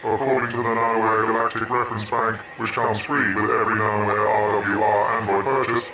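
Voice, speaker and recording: A man doing a flat, droning robot guard. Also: on the low side, brisk, muffled recording, close to an everyday voice. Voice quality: flat, monotone. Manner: recites specs like a sales brochure. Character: flat-voiced military android guard, male. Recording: distant echoey voice under loud music.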